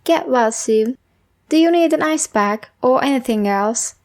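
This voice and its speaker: A playful young girl, bright and quick to speak her mind, as a woman reader voices her. Read high and slow for a children's story. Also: animated. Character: young girl, teasing then apologetic.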